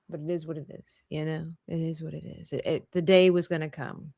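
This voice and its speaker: A woman's voice: sits low, a little fast, creaky, few pauses, no room sound, clean studio sound. A woman hosting a casual live drawing stream, chatting and laughing as she works. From Canada. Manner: chatty, laughs often, animated delivery. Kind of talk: casual chat while drawing.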